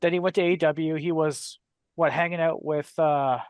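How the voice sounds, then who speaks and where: A man's voice: fairly high pitch, steady tone, normal speed. A man co-hosting a casual wrestling podcast, hesitant and restarting sentences. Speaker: podcast co-host.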